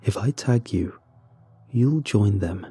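A man voicing a sinister furry rabbit-like creature that speaks slowly and softly with mock-friendly menace. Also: on the low side, animated, slightly rough, faint music behind, exaggerated voice. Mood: menacing.

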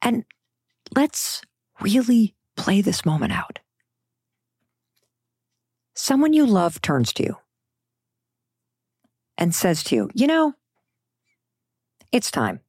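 A woman's voice: medium pitch, big pitch swings, slow pace, long pauses, a little mellow, slightly rough, no echo, clean studio sound. A middle-aged woman giving a motivational talk, emphatic and conversational, sometimes dropping into a whisper for effect. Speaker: motivational speaker.

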